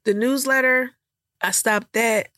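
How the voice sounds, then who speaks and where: A woman's voice: a little high, fairly even intonation, a little slow, a bit bright, dry recording. Tearful young woman on a dry podcast mic. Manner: emotional, rambling, filler-heavy storytelling. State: tearful, choked up. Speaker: podcast host. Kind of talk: candid personal podcast talk.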